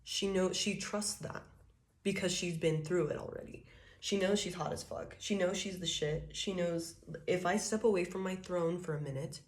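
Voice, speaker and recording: A woman with a lowish voice reads tarot cards in a casual, rambling way. She swears freely, laughs often and slips into quoted voices as she explains each card. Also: moderate pace, darkish tone. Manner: loose and profane, laughs often, acts out quotes. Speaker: tarot reader.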